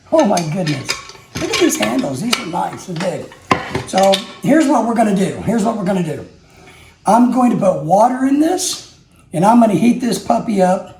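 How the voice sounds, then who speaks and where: A man's voice: high voice, creaky, a little mellow, slight background noise. A middle-aged man hosting a home vlog, joking about himself and thinking aloud as he demonstrates a kitchen gadget. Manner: joking, self-mocking, thinks aloud while working. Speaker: vlog host. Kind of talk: casual how-to demo. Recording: echoey kitchen, clattering dishes.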